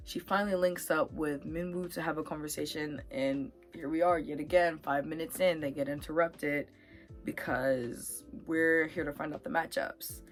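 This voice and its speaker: A young woman chatting casually to camera about a reality dating show, getting animated and worked up as she talks. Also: low-pitched. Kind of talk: casual chat.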